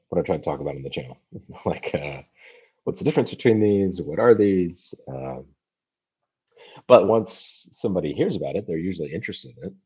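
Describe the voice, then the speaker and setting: This very deep-voiced American hosts a language-learning channel and takes viewer questions on a home livestream. His tone is warm with a breathy edge, and he speaks thoughtfully but haltingly, full of fillers and restarts. The computer mic gives the stream a lo-fi sound.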